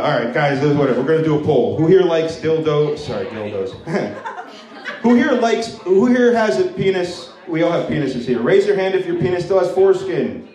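A man doing a stand-up set with crowd work in a comedy club, crude and often laughing at his own jokes. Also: fairly high pitch. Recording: echoey room, mic from distance.

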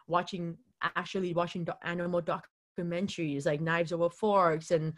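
A woman's voice: fairly low pitch, flat delivery, normal speed. A young woman telling a personal story in a loose, chatty way, full of "like" fillers, briefly acting out what people said. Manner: chatty, constant "like" fillers, acts out quotes.

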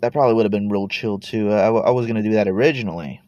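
A Texas man in his thirties, a podcast host, sits in his parked car rambling in a laid-back way, cursing casually, trailing off and repeating words. His voice is on the low side with fairly even intonation, rapid-fire and warm, though the audio is dull.

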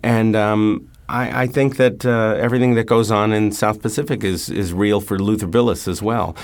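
Deep-voiced New man, halting. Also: fairly even intonation. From New York. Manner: thoughtful, many uh fillers. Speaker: stage actor guest. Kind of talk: relaxed interview talk.

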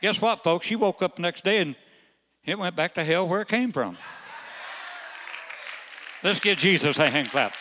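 An older man, a pastor, telling folksy stories in a sermon, halting on fillers, then bursting out loud to the congregation. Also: sits high, lively intonation, slight background noise. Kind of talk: storytelling sermon. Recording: long hall reverb.

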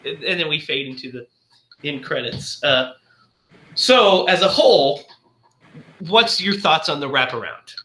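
A man hosting a casual podcast, with a bright, sharp voice that rises high and swings widely in pitch. He talks in an eager, chatty way. His voice rings in an echoey room. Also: lively intonation. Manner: enthusiastic, chatty, retells scenes with quick voices. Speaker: podcast host.

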